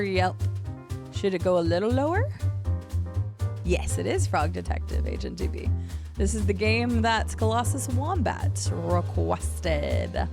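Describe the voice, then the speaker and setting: A woman's voice: mid-range voice, creaky. A woman livestreamer chatting casually with her viewers while she sets up her stream and thinks aloud. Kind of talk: casual charity stream chat.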